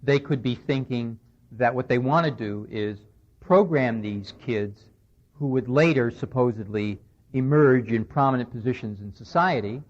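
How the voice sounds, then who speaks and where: On a dull, lo-fi radio recording from the 1990s, a man with a medium-pitched voice speaks a little slowly. He gives a conversational lecture, recounting a conversation and stressing his points.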